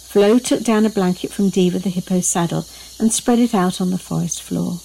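A woman's voice: mid-range voice, vocal fry, a little mellow, slight background noise, rough recording. Woman reading a children's bedtime story.

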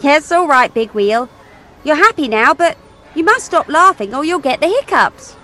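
Woman voicing a young girl, high pitch, very lively, playful, teasing, children's story, faint music. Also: normal speed. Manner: bright, sing-song and playful. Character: cheeky young girl who teases machines. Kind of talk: children's audio story acting.

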